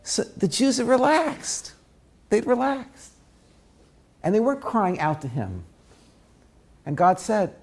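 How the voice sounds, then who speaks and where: A man teaching a Torah lesson through a dramatic story, swinging between loud bursts and hushed asides. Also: high voice, very animated, takes it slowly, creaky, long pauses, breathy edge.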